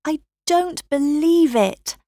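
A woman voicing an impatient young girl in a read-aloud story, with a raised, excited voice. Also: on the high side, takes it slowly, no echo, clean studio sound, pitched above the performer's own voice.

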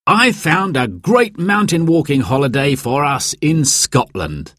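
A man's voice: on the high side, very animated, a little slow, fairly bright tone, dry recording, studio quality, voice pushed up, full character voice. A man voicing a cheerful, helpful father in a storybook reading, in a friendly, thoughtful tone.

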